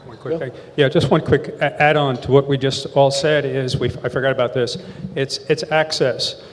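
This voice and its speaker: A man's voice: medium pitch, fairly even intonation, moderate pace. A man speaking as an investor on a panel, making his points emphatically. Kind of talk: panel discussion. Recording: long hall reverb.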